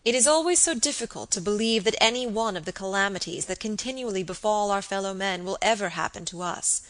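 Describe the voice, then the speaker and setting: A woman's voice: medium pitch, fast talker, natural voice. Woman reading as a doting elderly baronet. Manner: earnest, affectionate pleading. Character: elderly doting male baronet, fond and anxious. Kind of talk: audiobook character reading.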